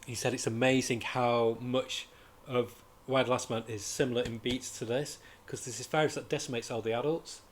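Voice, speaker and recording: A man chats casually through a comic review at a middling pitch. He sounds enthusiastic and rambles, often stopping partway and starting a sentence again. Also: fairly even intonation, moderate pace, hardly any pauses, slight background noise. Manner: rambling and enthusiastic, with frequent restarts. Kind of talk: casual chat.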